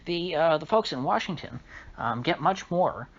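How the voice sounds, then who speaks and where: A man hosting a solo political commentary monologue, talking in a halting way with frequent restarts and an indignant tone. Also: fairly high pitch, animated. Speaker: channel host. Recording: slightly dull recording with faint noise.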